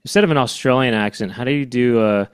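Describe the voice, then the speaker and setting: A man's voice: medium pitch, quick pace, clean tone, dry recording, clean studio sound. A man hosting a podcast in casual chat, making playful jokey asides. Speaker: podcast host.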